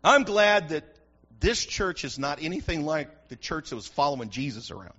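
A man's voice: on the high side, big pitch swings, moderate pace, fairly bright tone, husky, dull audio. A man preaching a sermon in church, fervent and often asking the congregation if they follow him. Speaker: pastor.

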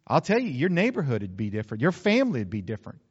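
A male pastor delivers a sermon in a medium-pitched voice, earnest and measured. He slows right down to press his points home. The recording sounds slightly dull and lo-fi. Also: wildly swooping pitch, breathy edge. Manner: earnest preaching, slowing down for emphasis.

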